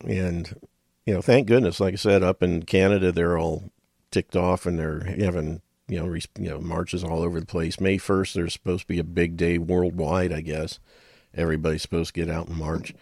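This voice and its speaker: A man's voice: deep voice, little pitch movement, normal speed, creaky, darkish tone, dry recording, studio quality. A middle-aged man hosting a radio talk show, rambling in a folksy way with chuckles and muttered asides.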